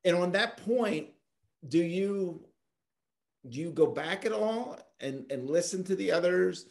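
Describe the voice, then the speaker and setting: A man hosts a podcast conversation, keeping it relaxed and friendly. His voice sits a touch higher than most men's. He asks curious follow-up questions to draw his guest out. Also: a little slow, vocal fry. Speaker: podcast host. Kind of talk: casual interview chat.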